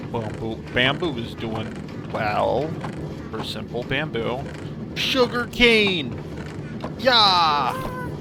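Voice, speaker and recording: Slow, rambling man narrating his gameplay. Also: medium pitch, noisy background. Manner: rambling and self-mocking, breaks into silly song. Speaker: gaming channel host. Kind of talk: casual gameplay commentary.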